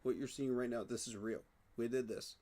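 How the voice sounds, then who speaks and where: A man talking excitedly in a casual fan reaction vlog, emotional and repeating himself. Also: mid-range voice, fairly quick. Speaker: sports fan vlogger.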